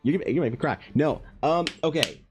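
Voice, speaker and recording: A man's voice: fairly high pitch, animated, fast talker, a little mellow, faint music behind. A man hosting an art livestream, overwhelmed and emotional, who swears a lot and stammers through restarts as he talks. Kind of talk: casual livestream chat.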